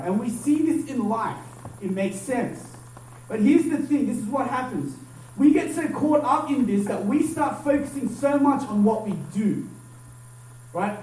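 High-voiced pastor in an echoey hall. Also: male voice, darkish tone, distant mic, a little hiss or hum. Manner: conversational, repeats "right?" to the congregation. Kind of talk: sermon. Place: church hall.

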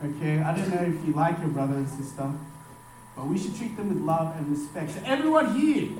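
High-voiced preacher in an echoey hall. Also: male voice, animated, a little fast, a little mellow, a little hiss or hum. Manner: emphatic, dropping his voice low at phrase ends. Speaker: youth pastor. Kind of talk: sermon to young people. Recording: far-off mic in a very echoey hall.

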